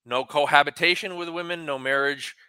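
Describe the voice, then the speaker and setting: Male radio sidekick: sharp, very bright tone, dry studio sound, stumbling casual banter. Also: on the high side, fairly even intonation, a little fast, clean tone, dry recording. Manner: hesitant, stumbles over words, chuckles often. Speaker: radio co-host.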